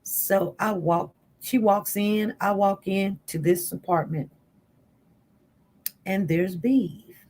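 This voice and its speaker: A woman's voice: mid-range voice, takes it slowly. Chatty woman telling a story. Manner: chatty, animated retelling with quoted voices. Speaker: channel host. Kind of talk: casual storytime to viewers.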